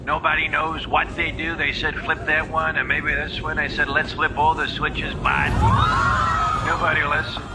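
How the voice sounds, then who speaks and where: A man's voice: on the high side, flat delivery, moderate pace, very noisy, lightly acted. A man doing a comedic impression of a bragging, rambling politician who is flying a plane and complaining that it is unfair. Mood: boastful. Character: boastful blustering male politician flying a plane.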